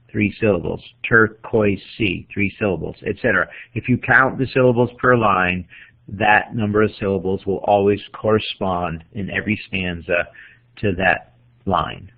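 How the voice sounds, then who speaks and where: A man teaching a class on poetry, speaking deliberately and walking through examples one by one. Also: fairly low pitch, gravelly. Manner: slow, deliberate, counting out examples. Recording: tinny phone-like audio.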